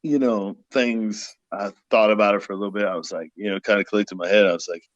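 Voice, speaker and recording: A man's voice: fairly low pitch, fast, no echo, muffled recording. A man who was an army medic, talking casually with many fillers about his service. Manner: relaxed, filler-heavy. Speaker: guest, former army combat medic. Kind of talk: casual chat.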